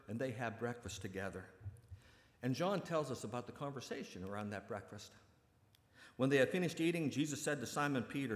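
A man preaching a sermon and retelling a story in a conversational, animated way. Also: mid-range voice, brisk. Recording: echoey hall with long reverb.

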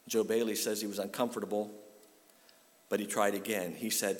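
A man's voice: fairly low pitch, brisk. A male pastor delivering a sermon, telling a story and then rising to a fervent call-and-response with his congregation. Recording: long hall reverb.

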